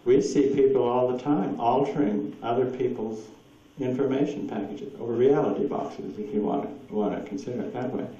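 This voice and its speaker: At a presentation, a man tells rambling anecdotes and fields audience questions, chuckling often and acting out quoted voices. His mid-range, mellow voice moves at a moderate pace with few pauses, captured from afar in a dull, echoey hall.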